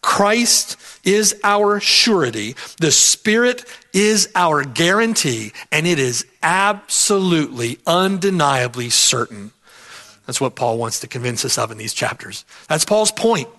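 Man, sermon, high pitch, animated delivery, repeats phrases, "right?" check-ins. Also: unhurried. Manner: emphatic, repeats key phrases, asks "right?". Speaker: preacher. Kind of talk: expository sermon.

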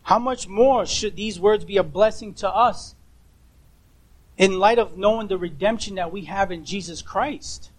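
A man's voice: sits high, unhurried, rough recording. A man preaching a sermon, emphatic and asking rhetorical questions, repeating key words for emphasis.

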